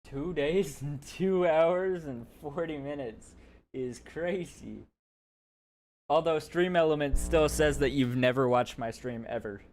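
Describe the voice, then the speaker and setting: A man's voice: on the high side, slow, darkish tone. A man streaming reactions to videos, commenting bluntly and jokingly and swearing freely.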